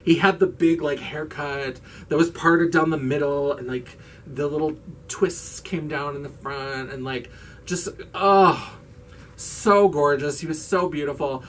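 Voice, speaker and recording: A man's voice: fairly high pitch, fairly even intonation, unhurried, a bit bright, far from the mic, a little hiss or hum. A man hosting his own vlog in casual chat, gushing and campy, swearing freely as he raves. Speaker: vlogger host.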